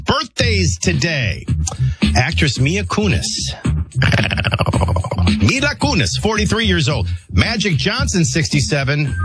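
A man hosting a morning radio show, joking through stories and then reading the news headlines. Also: deep voice. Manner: joking, storytelling, animated. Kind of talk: casual chat and news reading.

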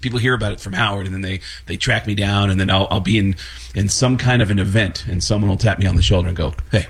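A man's voice: on the low side, fast, vocal fry, slightly rough. A man, a voice impressionist on a talk show, telling stories casually and sliding into character voices. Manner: animated, slips into character voices mid-story. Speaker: voice impressionist guest.

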